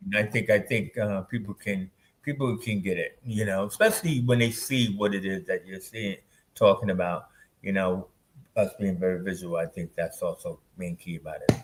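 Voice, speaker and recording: A man's voice: low-pitched, moderate pace. A man, a filmmaker guest in an interview, easygoing and laughing often. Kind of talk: casual interview chat.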